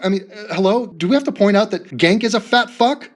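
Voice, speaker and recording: A man's voice: high voice, lively intonation, a little fast. A man commenting over video clips with crude insults, mocking and laughing as he talks.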